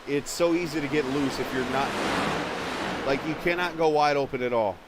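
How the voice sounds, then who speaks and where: A man commentating a virtual stock car race live, chatting with viewers and getting excited when cars run into trouble on pit road. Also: a little high, normal speed, noisy background. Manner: chatty, reads viewer chat, gets excited at incidents.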